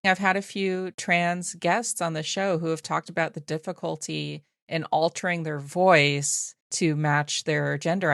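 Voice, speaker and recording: A woman from Southern California hosting a podcast, asking questions in a relaxed, conversational way. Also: on the low side, dry recording, studio quality. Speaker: podcast host. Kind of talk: casual interview chat.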